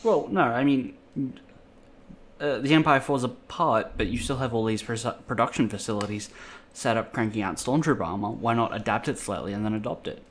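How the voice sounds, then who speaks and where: A man's voice: mid-range voice, fairly quick. Male podcast co-host, easygoing, laughs a lot, faint noise behind. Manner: laughs often, easygoing banter. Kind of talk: casual chat.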